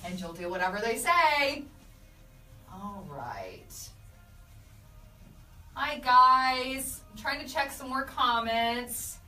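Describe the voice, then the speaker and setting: Chatty woman host, bright roomy sound. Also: fairly high pitch, takes it slowly, pauses often, recorded from a distance, faint music behind. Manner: chatty, animated storytelling with laughs. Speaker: radio host doing a live video. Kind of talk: casual live-stream chat reading comments.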